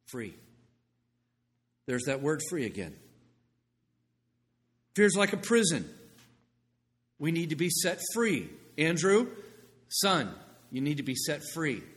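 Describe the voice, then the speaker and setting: A middle-aged man preaching a sermon as pastor, telling stories with lively asides and a conversational manner. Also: a little high, slow pace, pauses often. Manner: animated storytelling, conversational asides. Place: church sanctuary. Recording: long reverb in a large room.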